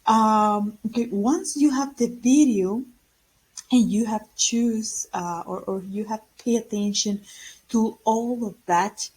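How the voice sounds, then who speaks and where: A woman English teacher with a Spanish accent speaks slowly in a casual video lesson. Her voice has a slight husk and sits at a middle pitch. She talks hesitantly, with many fillers and restarts. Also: a little mellow, breathy edge, low-quality recording.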